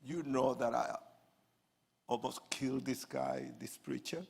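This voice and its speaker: A man, an evangelist, telling his life story as a testimony sermon to an audience, with animated swings from hushed asides to loud outbursts. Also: mid-range voice, a little slow, creaky, slightly rough.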